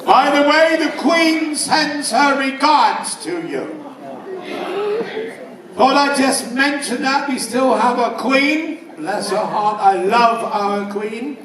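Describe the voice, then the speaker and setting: High-voiced English comedian in a roomy hall. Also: male voice, slow pace. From England. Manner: punchy, loud delivery of one-liners. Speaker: stand-up comedian. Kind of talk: stand-up comedy routine. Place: casino show room before a live audience. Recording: roomy live hall, mic at a distance, crowd and noise. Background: audience laughter.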